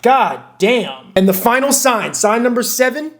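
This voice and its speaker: A man's voice: extremely high pitch, very animated, measured pace, fairly bright tone. A young man giving dating advice in a casual, blunt, profane rant to the camera, restarting his sentences often. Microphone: camera mic.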